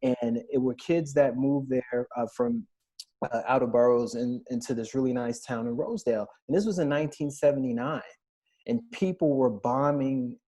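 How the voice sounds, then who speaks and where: Guy in his 30s on a podcast, mellow husky voice, telling his own stories earnestly. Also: mid-range voice. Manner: earnest, recounting personal stories. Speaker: podcast panelist. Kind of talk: candid podcast discussion.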